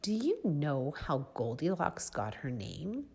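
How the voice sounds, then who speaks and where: A woman reading a picture book aloud to children in a soft, breathy, expressive way, pausing to ask them questions. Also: low voice. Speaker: children's storyteller.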